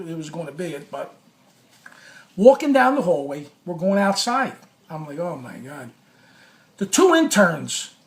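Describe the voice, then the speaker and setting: A man telling a personal story in a casual, animated way, swearing often and acting out what he said. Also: high voice. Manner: animated, profane, reenacts his own quotes. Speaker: former sports radio caller.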